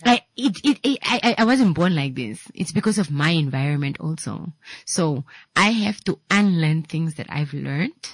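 A woman chatting casually, animated and laughing often as she mimics her children shouting. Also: low-pitched, normal speed, husky, dry recording. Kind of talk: casual chat.

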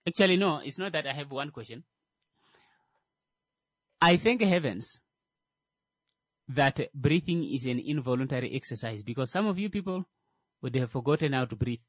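A man's voice: medium pitch, expressive, normal speed, pauses often, no echo. A man giving comedic, sarcastic commentary on tech, rambling with many fillers and restarts. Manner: sarcastic, mocking asides.

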